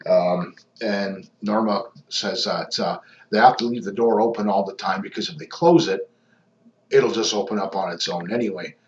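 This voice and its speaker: Brief: low-pitched male paranormal investigator, rambling casual narration, echoey muffled recording. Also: normal speed. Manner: rambling, many ums and restarts. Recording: echoey, dull lo-fi sound.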